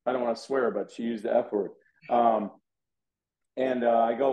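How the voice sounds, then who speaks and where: Mellow-voiced man in an echoey room. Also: mid-range voice, moderate pace, long pauses. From Houston, USA. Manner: animated, acts out quoted dialogue. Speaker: interview guest, card collector. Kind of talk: casual storytelling.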